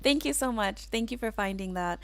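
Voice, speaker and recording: A woman's voice: mid-range voice, brisk, clear, resonant tone, no echo. A woman hosting a casual livestream, chatting and giggling as she reads out viewer comments with plenty of "like" and "um.". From United States. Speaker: livestream host.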